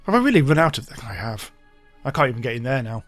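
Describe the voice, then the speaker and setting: A man rambles through casual gameplay commentary, mocking himself and thinking aloud, his pitch bouncing up and down. The sound is dry and close, with faint game music underneath. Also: very animated, quick pace, a bit bright, dry recording. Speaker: let's play host.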